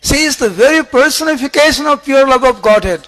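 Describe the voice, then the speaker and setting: A man's voice: very high voice, fast talker, a bit bright. A man voicing an indignant, devoted male disciple who fervently scolds his lord in a retold scripture story. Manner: fervent, reproachful, emphatic.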